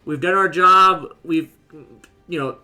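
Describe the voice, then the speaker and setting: A defiant warrior commander bellows rallying declarations, as a man with a high, bright voice puts him on. It is a loose, offhand impression done in the middle of a casual plot recap. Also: takes it slowly, soft background music, exaggerated voice.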